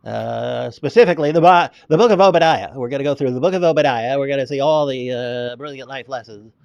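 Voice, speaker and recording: A man putting on the voice of an eager, awkward male pastor, full of halting ums and uhs. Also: medium pitch, creaky, darkish tone, no echo, muffled recording, natural voice. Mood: nerdy. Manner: halting, filler-heavy nerd voice. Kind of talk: mocking impression.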